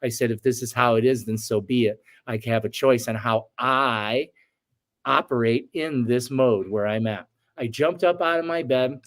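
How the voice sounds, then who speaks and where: A man's voice: medium pitch, normal speed. Earnest man telling a spiritual story. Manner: earnest, reflective, acts out his own past outbursts. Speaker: shaman guest. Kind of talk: storytelling in a podcast interview.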